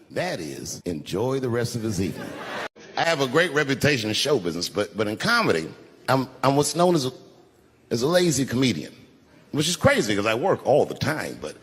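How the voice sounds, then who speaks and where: A man's voice: medium pitch, slight background noise. A man performing a stand-up comedy set, telling stories with punchlines to a live audience. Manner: animated storytelling with punchlines. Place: large live venue. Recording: roomy live hall with crowd ambience.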